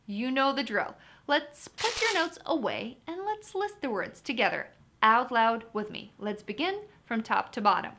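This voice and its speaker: A woman's voice: on the high side, big pitch swings, moderate pace, bright, forceful tone, slight background noise. A woman teaching vocabulary in an upbeat, chatty lesson, talking to viewers as guys. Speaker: vocabulary tutor. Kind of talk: lively test-prep lesson.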